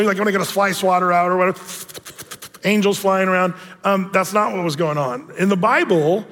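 A man's voice: high-pitched, fairly bright tone. A male pastor preaching a conversational sermon, chatty and story-driven, with plenty of fillers. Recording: long reverb of a large hall.

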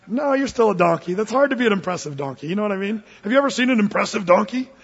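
A man's voice: sits high, animated, racing, breathy edge. A man preaching a sermon, earnest and folksy in manner. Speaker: pastor. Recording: dull, echoey church hall recording.

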